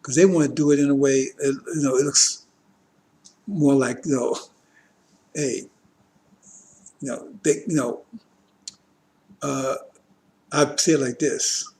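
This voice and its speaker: A man's voice: mid-range voice, fairly even intonation, takes it slowly, long pauses, a little mellow. A man preaching a political lecture to a congregation, talking emphatically, firing rhetorical questions and often checking in with his listeners. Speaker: religious teacher addressing a congregation.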